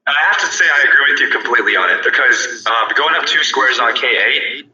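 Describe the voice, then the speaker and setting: A man's voice: mid-range voice, quick pace, pushed and bright, roomy sound, far from the mic, lo-fi sound. A man talking through chess moves in a casual online chat. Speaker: player being interviewed.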